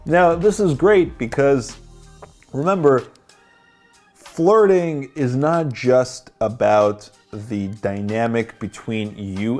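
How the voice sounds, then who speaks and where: A man's voice: lowish voice, a little mellow. A man explaining techniques in a confident, blunt instructional voice-over, swearing casually. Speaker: dating coach.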